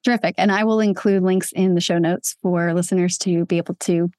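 A woman's voice: on the low side, steady tone, a little fast, a little mellow, no echo, clean studio sound. A woman hosting a podcast interview, thanking and praising her guest in an effusive way. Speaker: podcast host.

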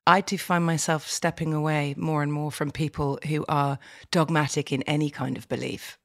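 Frank woman, low voice, dry sound. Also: little pitch movement, moderate pace, no room sound. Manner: frank, swears freely, reflective. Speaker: guest. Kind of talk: casual conversation on a phone call.

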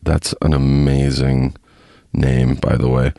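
A man's voice: very deep voice, unhurried, no echo, studio quality. A man hosting a podcast, reading a listener email aloud and rambling chattily with lots of self-corrections. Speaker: podcast host. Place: parked car.

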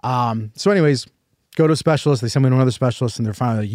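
A man's voice: mid-range voice, racing, a little mellow, dry recording, clean studio sound. Rambling, chatty male podcast host. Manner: rambling, full of "like" and restarts; acts out what others said to him. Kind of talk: casual storytelling chat.

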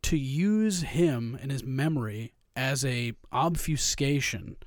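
A man's voice: medium pitch, animated, takes it slowly, no room sound, clean studio sound. A man co-hosting a sports podcast, ranting with heavy profanity in a casual chat. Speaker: podcast co-host.

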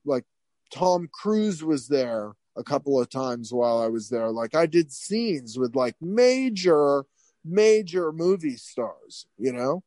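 A middle-aged man, a hairstylist, telling stories in an interview with lots of restarts and animated asides. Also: on the high side, takes it slowly, dry recording. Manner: rambling, animated, many restarts. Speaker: guest, hairstylist. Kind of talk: casual interview storytelling.

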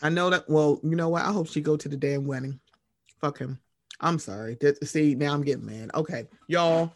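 A woman co-hosting a podcast in casual chat, animated and expressive, swearing freely. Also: low-pitched, normal speed. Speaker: podcast co-host.

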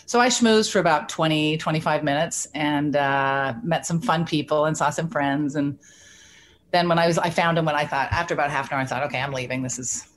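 A woman in her sixties from Canada, a guest telling lively stories and acting out the dialogue. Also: low-pitched, fairly quick, slight background noise. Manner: animated storyteller who acts out quoted dialogue. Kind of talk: casual storytelling interview.

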